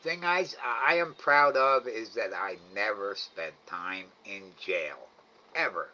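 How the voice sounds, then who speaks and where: A middle-aged livestream host on a live night cam stream at home reads viewer comments and rambles in a slow, loose way, chuckling and letting sentences fade. His voice sits on the low side yet sounds bright and forward, over dull, slightly lo-fi stream audio.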